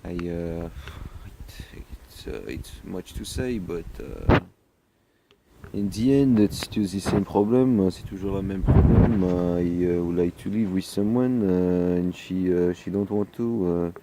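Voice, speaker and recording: A hungover, tired man with a French accent talking casually outdoors on a deck, halting and full of fillers and slipping between English and French. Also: low-pitched, very noisy. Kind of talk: rambling casual vlog.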